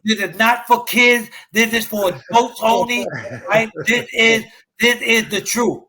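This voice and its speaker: Man, podcast co-host, blunt, passionate, swearing, high voice. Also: steady tone, unhurried, a crowd in the background. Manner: blunt, fired-up, swears freely. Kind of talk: motivational talk.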